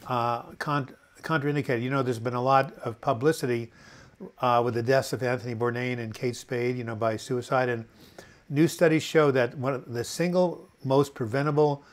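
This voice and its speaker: A man talks loosely through a live chat with viewers, reading their comments aloud and answering in an earnest, encouraging way. His speech wanders and restarts often, full of fillers. His voice sits at an everyday pitch. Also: fairly even intonation, normal speed. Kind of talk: casual unscripted live chat.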